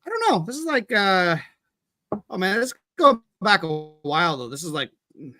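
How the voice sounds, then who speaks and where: A man's voice: sits high, sing-song, moderate pace, sharp tone. A man chatting on a beer podcast, rambling and correcting himself, swearing freely. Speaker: podcast panelist reviewing beer. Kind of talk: casual chat.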